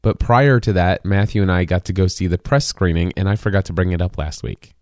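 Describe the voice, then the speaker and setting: A man's voice: low voice, fairly quick, a little mellow, no room sound, studio quality. A man hosting a podcast, talking casually in a rambling way with many restarts. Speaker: podcast host. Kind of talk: casual chat.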